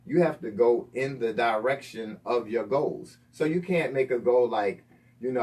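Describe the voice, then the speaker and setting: A man's voice: mid-range voice, a little fast, a little mellow, distant mic. Motivational man heard a bit off-mic. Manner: motivational, repeats himself with fillers. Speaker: radio show co-host. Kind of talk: faith-based radio talk.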